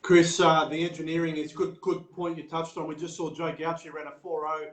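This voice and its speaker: A man's voice: on the high side, flat delivery, a little fast, echoey room, low-quality recording. An Australian man hosting a live chat at a race event, hyped, full of praise and calling people "mate". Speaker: show host.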